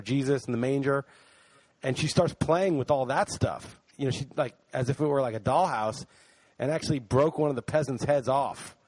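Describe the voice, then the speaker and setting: A man's voice: mid-range voice, a little mellow, no echo. A man co-hosting a podcast, telling a story in casual chat and swearing now and then. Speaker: podcast co-host.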